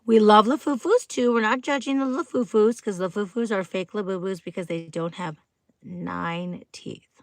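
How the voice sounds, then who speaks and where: A woman's voice: medium pitch, fairly quick, few pauses, no echo. A woman hosting a casual live stream, chatting to viewers in a bubbly way, full of "like" fillers and greetings. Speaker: livestream host.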